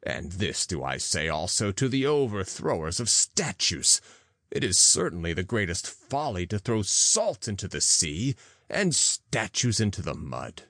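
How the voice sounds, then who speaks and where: A man reading an audiobook in slow, deliberate, archaic English. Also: sits low, very animated, a bit bright, no room sound. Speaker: audiobook narrator. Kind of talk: scripted narration.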